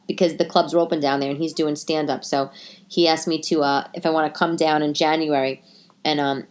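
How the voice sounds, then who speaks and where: A woman, a stand-up comic hosting a casual chat, talking in a chatty, animated way with many fillers. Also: sits low. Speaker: podcast host and stand-up comic. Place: living room.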